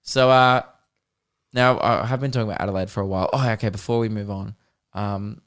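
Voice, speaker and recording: A man's voice: on the low side, steady tone, brisk, fairly bright tone, smooth. Rambling Australian man with a podcast. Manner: rambling, profane comic storytelling. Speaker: podcast host. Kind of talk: casual podcast chat.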